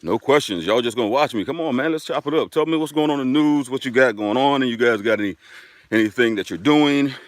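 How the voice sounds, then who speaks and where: A man's voice: mid-range voice, quick pace, dry recording, studio quality. A man hosting a casual live stream outdoors, chatting upbeat and directly to his viewers while walking a dirt road.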